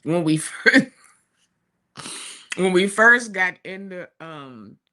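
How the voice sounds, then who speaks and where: Woman talk show co-host, forties, slow chatty storyteller, bright voice. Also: fairly low pitch. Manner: chatty, warm storytelling with laughs and asides. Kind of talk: casual chat. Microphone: streaming studio mic.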